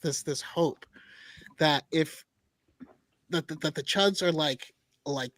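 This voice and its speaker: A man's voice: fairly high pitch, slow, fairly bright tone, no echo. A man co-hosting a podcast in casual chat, hesitant with many restarts before making his point. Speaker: podcast co-host.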